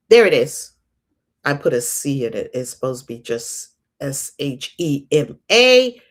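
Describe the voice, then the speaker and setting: A middle-aged woman hosting a casual livestream about scripture, chatty and animated, laughing often. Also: a bass voice, unhurried. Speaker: host reading and discussing scripture.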